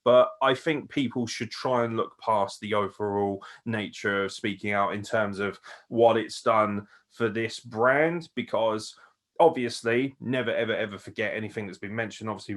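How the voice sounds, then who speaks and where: A man talks wrestling news as a podcast co-host. He is excitable and loose, swearing freely and laughing often. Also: on the low side, normal speed. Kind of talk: casual wrestling news chat.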